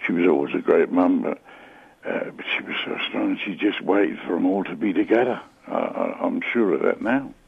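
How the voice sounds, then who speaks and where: A grieving man calling in to a radio phone-in, his voice very low, gravelly and husky. He speaks quietly. It comes down a dull, muffled phone line. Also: normal speed. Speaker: caller.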